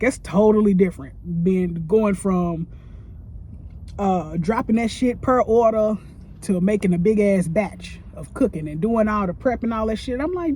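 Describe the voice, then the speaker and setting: A woman who works as a cook, venting about her job in a profane, animated rant while she eats on camera, talking close into a phone. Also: husky. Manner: profane, animated, with big swings in pitch. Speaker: line cook. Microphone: phone held close.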